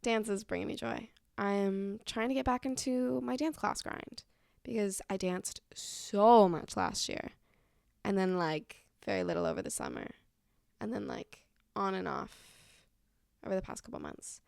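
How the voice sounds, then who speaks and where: Woman rambling in her vlog, says like a lot, swears casually, gravelly fry, dry close sound. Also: medium pitch, sing-song, a little slow, a little mellow, no echo. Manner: chatty, lots of "like" fillers, casual swearing. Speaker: vlogger.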